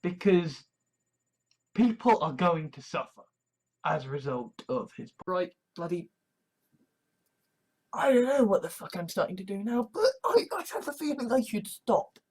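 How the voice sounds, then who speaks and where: A woman's voice: medium pitch, lively intonation, normal speed, long pauses. A woman from England talking in a rambling, profane monologue full of restarts and swearing. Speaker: vlogger.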